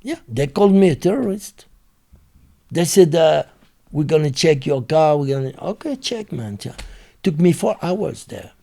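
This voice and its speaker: Interview guest: man with a French accent, husky and gravelly, with a dark tone, halting broken English. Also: fairly high pitch, lively intonation. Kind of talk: casual storytelling.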